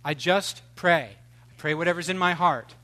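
A man preaching a sermon in an animated, joking way, swinging between loud outbursts and hushed asides. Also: fairly high pitch, normal speed. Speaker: pastor.

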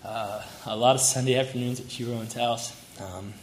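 A young man with a mid-range voice and fairly even intonation speaks at a moderate pace, sharing warm, heartfelt stories about a family friend at a memorial and chuckling as he goes. It's a tribute speech, recorded in a roomy hall with faint ambience and slight background noise.

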